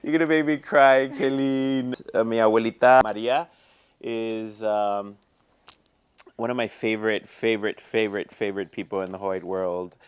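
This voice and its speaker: A man's voice: on the low side, fairly even intonation, moderate pace, clean tone. A man who owns a flower shop, chatting in an interview in a heartfelt, effusive way, full of "you know" and "like". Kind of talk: casual interview chat.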